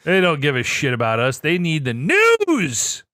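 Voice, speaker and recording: A man's voice: fairly high pitch, huge pitch swings, a little slow, bright, forceful tone, no echo. A man co-hosting a gaming podcast, teasing his friends in casual banter. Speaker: podcast co-host. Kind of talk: casual chat.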